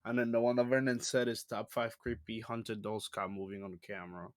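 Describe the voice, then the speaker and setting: A man hosting a casual podcast, reacting to videos in a crude, excitable way with lots of swearing. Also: fairly low pitch, brisk, no room sound, studio quality. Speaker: podcast host.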